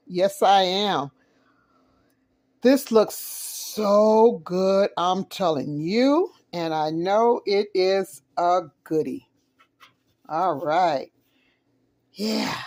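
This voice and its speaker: A woman's voice: mid-range voice, animated, extremely slow, a little mellow. A woman with a Southern US accent, hosting a casual cooking vlog, gushing and exclamatory as she tastes food on a phone camera and chats with viewers. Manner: talks while eating. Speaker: home cook, channel host.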